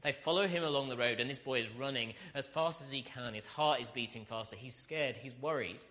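A man preaching a sermon, earnest and direct, asking his listeners questions and building to loud, emphatic peaks. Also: mid-range voice, brisk. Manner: asks the congregation rhetorical questions.

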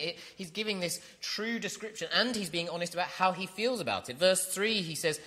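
A man preaching a sermon, earnest and direct, asking his listeners questions and building to loud, emphatic peaks. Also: high-pitched, sing-song, brisk, hardly any pauses. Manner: asks the congregation rhetorical questions.

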